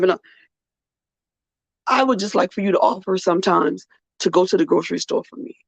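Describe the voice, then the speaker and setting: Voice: mid-range voice, fairly even intonation, brisk, vocal fry, long pauses, no echo. A podcast host, tired and earnest, speaking in a personal heartfelt monologue and repeating phrases for weight. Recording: dull, muffled dry recording.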